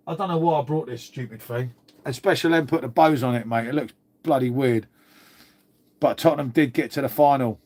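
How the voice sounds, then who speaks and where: This livestream host's voice sits on the high side and is a little mellow. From Old Windsor, Berkshire, with a London-area English accent, he reads comments in a casual chat, swears freely, calls everyone mate, and sounds stuffy with a cold.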